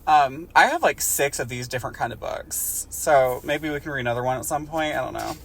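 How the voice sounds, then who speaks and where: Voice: mid-range voice, lively intonation, a little fast, gravelly, a bit bright, slight background noise. A young adult co-host in casual chat, bluntly and profanely mocking their own old writing. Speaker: podcast co-host, author of the book.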